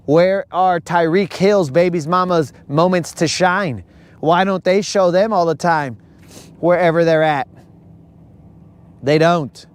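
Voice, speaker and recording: A man's voice: a little high, slow pace, smooth. A young man hosting a fishing livestream, ranting and joking in a casual way, calling his viewers bro. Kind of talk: casual live-stream rant.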